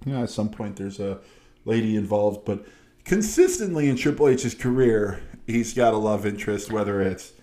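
A man's voice: on the low side, lively intonation, normal speed, mellow. A man co-hosting a casual podcast, easygoing and wry. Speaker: podcast co-host.

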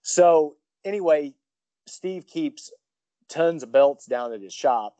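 A man, a professional wrestler, telling a story in an interview, rambling excitedly with many restarts. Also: a little high, slow pace, no room sound.

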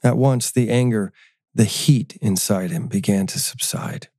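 A man narrates a scripted story at a measured storytelling pace. His voice is low and gravelly with a dark, mellow tone. The recording is dry and close. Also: no room sound.

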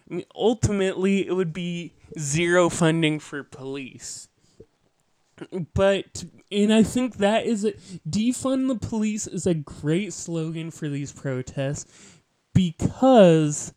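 A man's voice: high voice, clean tone, no echo. A man hosting a podcast, delivering an opinionated, lecturing political monologue with a sardonic edge. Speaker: podcast host.

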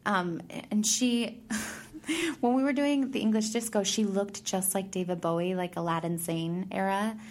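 A bubbly woman in her thirties, a stage actor talking casually as a guest. She is chatty and laughs a lot, with plenty of "like" fillers. Her pitch sits in an ordinary middle range. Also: measured pace. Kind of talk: casual chat.

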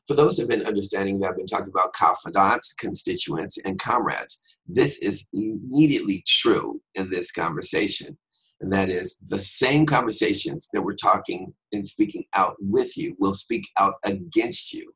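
Man, low voice, casual devotional teacher, chatty asides. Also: moderate pace, a bit bright, slightly rough, low-quality recording. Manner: conversational, drifts into humorous asides. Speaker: podcast host teaching scripture.

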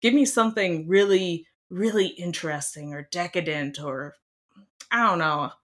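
Brief: young woman, guest in a casual chat, emphatic and lively, slightly low voice. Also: moderate pace. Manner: animated, emphatic, laughs often.

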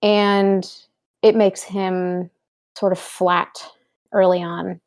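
A young woman in casual discussion, chatty and quick, explaining her points with examples and asides. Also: mid-range voice, level tone, darkish tone. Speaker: podcast co-host.

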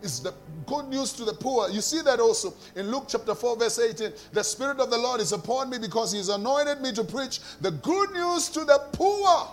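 A man preaching a sermon who repeats key phrases and calls on the congregation to answer, swinging between shouting and quiet, sung lines. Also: extremely high pitch, expressive, normal speed, soft background music. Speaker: pastor.

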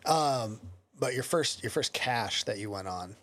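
A man's voice: mid-range voice, a little slow. Laid-back podcast host, man. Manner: relaxed, hesitant, laughs often. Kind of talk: casual chat.

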